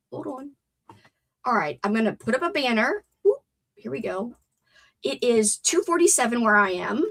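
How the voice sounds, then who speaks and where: The livestream host, a young adult woman with a blocked nose, has a slightly high voice that sounds pushed and bright. She's talkative and verbose, reading out messages from her chat.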